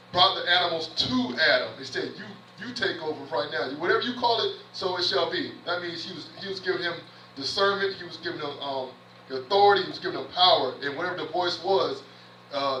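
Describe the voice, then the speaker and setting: A man preaches with a bright, forceful voice that sits a bit high, repeating and restarting phrases as he builds his point and reads scripture aloud. The sound comes from a little way off the mic, with the roomy echo of a church and faint noise underneath. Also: distant mic. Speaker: minister in training. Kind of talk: sermon. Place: church sanctuary.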